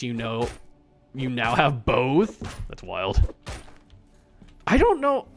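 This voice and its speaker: A man streaming himself playing an indie survival game, chatting casually with animated, profane, self-mocking commentary. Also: mid-range voice, takes it slowly, pauses often, soft background music.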